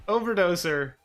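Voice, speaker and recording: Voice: mid-range voice, a bit bright. A co-host casually chatting over a horror game, laughing a lot and swearing. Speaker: let's play co-host.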